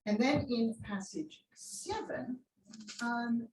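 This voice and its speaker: A woman's voice: fairly high pitch, slow pace, a little mellow, slight background noise. A woman giving an academic seminar lecture, explaining as she goes with frequent ums and answering questions from the room. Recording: echoey room, voice a bit distant.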